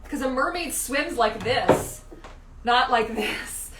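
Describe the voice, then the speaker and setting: A woman in her thirties chatting casually as a mermaid vlogger, animated and gushing, swearing casually now and then. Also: sits high, takes it slowly, echoey room, very noisy. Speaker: mermaid vlogger reviewing gear. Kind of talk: casual livestream chat.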